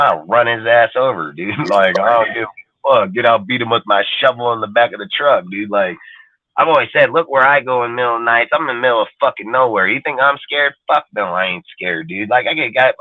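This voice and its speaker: A man's voice: medium pitch, brisk, no room sound. A man ranting bluntly and profanely in a casual podcast chat. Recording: dry phone-line sound.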